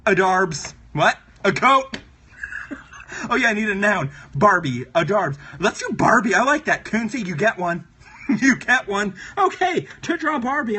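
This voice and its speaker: A giggly man hosts a drawing livestream, chatting playfully with viewers. His voice sits high, with a bright, edgy tone and a husky grain. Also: sing-song, unhurried. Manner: giggly, playful, laughs often. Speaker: livestream host. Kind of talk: casual chat while drawing on a livestream.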